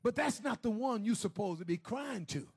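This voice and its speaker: Husky high-voiced man preaching. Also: lively intonation, moderate pace. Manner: swings from hushed low moans to shouted, sing-song preaching. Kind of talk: sermon.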